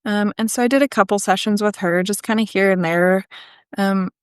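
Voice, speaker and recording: A woman of mid-range pitch tells her own story as a podcast guest, loose and conversational, dotted with ums and likes and quick restarts. The recording is dry and close, with almost no room sound. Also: clear, resonant tone, no echo. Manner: conversational, frequent ums and likes, self-correcting. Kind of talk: candid personal storytelling.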